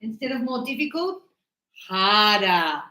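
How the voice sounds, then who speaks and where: A woman teaching English grammar to a class, stretching out words slowly and checking in with "yes?" and "right?". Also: medium pitch, sing-song, sharp tone, echoey room, rough recording. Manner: encouraging, checks understanding with tag questions; slow, drawn-out words for teaching.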